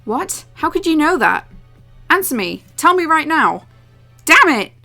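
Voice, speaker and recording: A woman reading as a loud, insistent young woman. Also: a little high, lively intonation, moderate pace, faint music behind. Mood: furious. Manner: loud, insistent, sharp questions. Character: angry young woman demanding answers.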